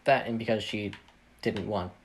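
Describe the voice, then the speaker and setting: A man's voice: on the low side, steady tone, moderate pace, a little hiss or hum. A man casually reading his own fan story aloud, rambling, interrupting himself and cracking jokes, his voice a bit tired. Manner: rambling, self-interrupting, jokey. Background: video game playing.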